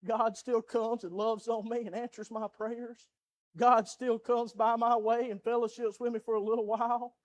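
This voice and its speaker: Young southern preacher guy, high voice, goes from quiet stories to loud pleading. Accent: Southern American. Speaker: pastor. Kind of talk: sermon. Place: church sanctuary.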